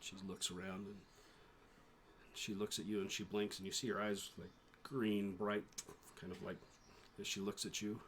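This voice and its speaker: A low-voiced man running a tabletop game, describing the scene in a steady, flat tone with many little pauses and fillers. A faint hiss of noise sits under his voice. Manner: descriptive, halting narration with fillers. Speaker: game master.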